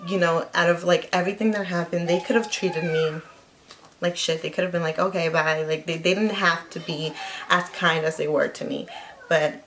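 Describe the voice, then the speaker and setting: A woman's voice: on the low side, steady tone, normal speed, fairly bright tone, slight background noise. A woman telling a personal story in a casual vlog, rambling, with lots of "like" fillers. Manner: rambling, heavy use of "like" fillers. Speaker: vlogger.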